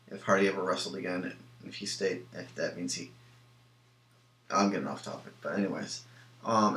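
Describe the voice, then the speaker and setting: A young man talks through a wrestling show on his own, rambling and blunt, with plenty of ums and false starts. His voice sits on the lower side and rings in an echoey room. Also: fairly bright tone. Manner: rambling, many ums and restarts, opinionated. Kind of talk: casual solo review.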